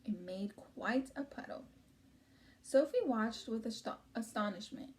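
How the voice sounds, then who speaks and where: A woman's voice: on the high side, lively intonation, a little slow. A woman teacher reading a storybook chapter aloud to her students, chatting between passages with many ums and likes.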